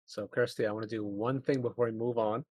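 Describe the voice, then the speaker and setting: A man's voice: medium pitch, fairly even intonation, quick pace, darkish tone, breathy edge, no room sound. A man playing a professor in a tabletop game, speaking in a genteel, old-fashioned, courtly way. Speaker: player voicing a professor. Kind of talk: in-character tabletop role-play.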